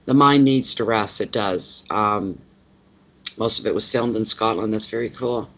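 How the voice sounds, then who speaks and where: A man's voice: lowish voice, a little slow, fairly bright tone. A man from Canada, a tarot reader chatting casually with viewers on a live stream, rambling and repeating himself as he greets people by name. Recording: slightly dull lo-fi audio.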